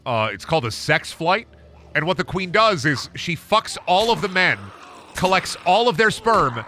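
Lively, bright young man streaming a game. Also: sits high, moderate pace. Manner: rambling, joking, profane asides. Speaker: gaming streamer. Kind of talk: casual game-stream commentary.

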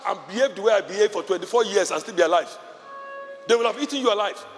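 A man's voice: high-pitched, quick pace. Impassioned male pastor in a reverberant hall. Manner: impassioned preaching, repeated punchy phrases. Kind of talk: sermon. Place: large church auditorium. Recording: long hall reverb with faint music.

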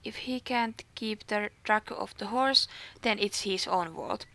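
A woman's voice: mid-range voice, measured pace, bright, forceful tone. A woman with a Finnish accent reading aloud as a hot-tempered female stable keeper in a game, stumbling and restarting words. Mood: angry.

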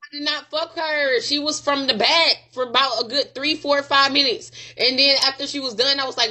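A woman's voice: high-pitched, steady tone, moderate pace, sharp tone. A woman talking in a rambling, profane, irritated casual chat, stammering and restarting her sentences.

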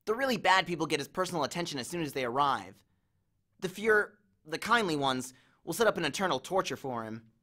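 A man's voice: on the high side, very animated, brisk, bright, forceful tone, exaggerated voice. A man voicing an anxious young satyr boy in a storybook reading, speaking with nervous hesitation. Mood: explaining.

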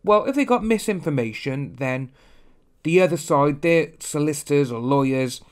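A man's voice: fairly high pitch, lively intonation, moderate pace. A young man hosting a casual opinion commentary, talking bluntly and ranting, often mimicking others. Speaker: commentary channel host.

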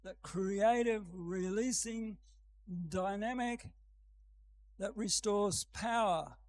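An older man preaching a sermon in a church, speaking gently at first and building to an emphatic scripture reading. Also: high-pitched, slow, rough recording.

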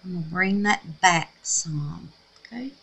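A woman's voice: fairly low pitch, measured pace, vocal fry, a bit bright, slightly rough, low-quality recording. A middle-aged woman, hosting a resin craft tutorial and chatting to herself and her viewers as she works. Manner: chatty, talks to herself and viewers while working. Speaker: resin craft channel host. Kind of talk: casual crafting tutorial talk.

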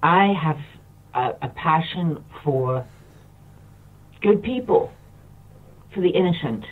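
Slow and expressive, a British man with a fairly high voice gives a passionate monologue as a radio guest. He keeps repeating himself and wanders off track, sounding close to tears, while the phone line comes across thin and far away.

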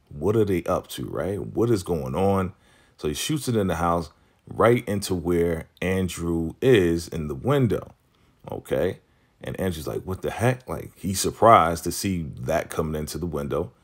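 A man giving a casual, animated recap of a TV episode, acting out the characters' lines as he goes. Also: low-pitched. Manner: animated storytelling, acts out quotes. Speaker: TV recap vlogger.

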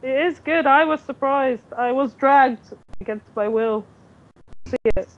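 A woman's voice: high-pitched, unhurried, dull audio. A woman co-hosting a casual podcast chat who gives frank, blunt opinions. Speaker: podcast co-host.

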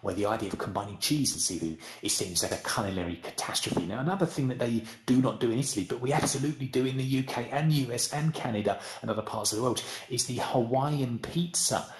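A man's voice: medium pitch, quick pace, hardly any pauses, echoey room. A man with a British accent teaching a casual, rambling English lesson in a virtual room. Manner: chatty, rambling, self-deprecating.

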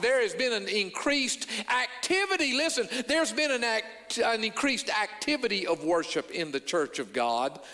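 A man's voice: high-pitched, bright, forceful tone, in a large hall. A man preaching a sermon as a pastor, earnest, restarting and repeating words, rising in emphasis as he quotes scripture. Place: church sanctuary.

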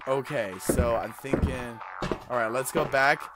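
Slow-talking young man playing a game. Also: medium pitch, fairly even intonation. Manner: reads game dialogue aloud, hesitant and chatty. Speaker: gaming YouTuber. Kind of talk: casual let's-play commentary. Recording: game music in background.

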